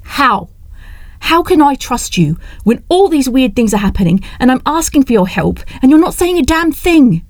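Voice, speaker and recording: Indignant young woman, voiced by a female narrator, higher pitch, audiobook dialogue. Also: very animated, moderate pace, dry recording. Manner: indignant, sharp-tongued. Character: fiery frustrated young woman. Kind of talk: audiobook character reading.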